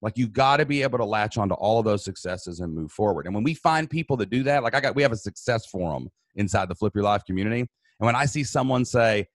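An animated man in his thirties, telling a personal story with lively swings in pitch. His voice sits close and dry, with no room sound. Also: fast talker, no echo. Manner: animated, says "dude" and "man". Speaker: guest. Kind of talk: emotional storytelling.

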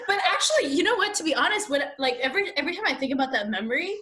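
A woman's voice: high-pitched, lively intonation, quick pace, very noisy. A woman co-hosting a casual podcast, giggly and rambling with many fillers. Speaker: podcast co-host.

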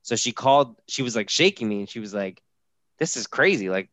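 A man with a lowish voice tells a story on a podcast, animated and quick to act out the voices of the people in it. His voice is recorded dry and close, with no room sound around it. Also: dry recording. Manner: animated, acts out quoted voices. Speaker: podcast co-host. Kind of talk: casual storytelling chat.

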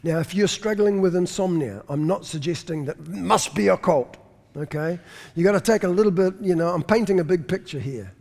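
A man's voice: sits high, fairly quick, creaky, darkish tone. A pastor preaching a sermon, telling stories emphatically and often repeating words as he searches for the next one. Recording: long hall reverb.

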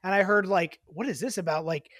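A man co-hosting a casual podcast, telling stories in an animated way, swearing and rising in pitch when riled. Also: fairly quick, no echo, clean studio sound. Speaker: podcast co-host.

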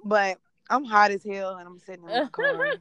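A woman's voice: medium pitch, huge pitch swings, moderate pace, pushed and bright, no echo. A woman in her thirties co-hosting a casual chat from her car, blunt and profane, laughing often. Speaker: podcast co-host.

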